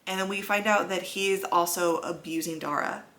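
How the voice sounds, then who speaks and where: A woman's voice: on the low side, a little fast, a bit bright. A young adult woman talking bluntly, with some swearing, in a casual book vlog. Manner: blunt and profane. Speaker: book vlogger.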